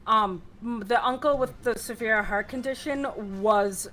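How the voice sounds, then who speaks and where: A woman's voice: on the high side, a little slow, a bit bright, faint music behind, poor audio. An older woman chatting casually while gaming with her son, chatty and teasing. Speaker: guest player.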